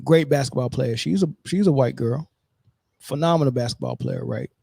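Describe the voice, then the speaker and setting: Emphatic man with a dark, dry voice. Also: mid-range voice, normal speed, gravelly, slightly rough, dry recording. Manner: emphatic, repeats himself, keeps asking "right?". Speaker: sports podcast host. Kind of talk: casual commentary.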